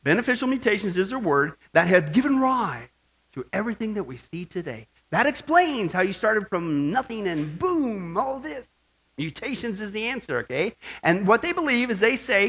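A man preaching a sermon as pastor, animated and joking, asking the crowd rhetorical questions. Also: high-pitched, normal speed, breathy edge.

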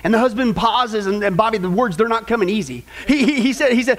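High-pitched guy preacher, animated storytelling sermon, keeps asking the crowd stuff. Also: fast talker, few pauses. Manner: animated storytelling, quizzing the congregation; stammering repeats. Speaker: pastor.

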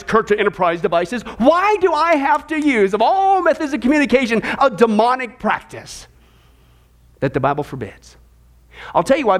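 A male pastor preaching a sermon in an animated, sarcastic way, often repeating his phrases. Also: very high voice.

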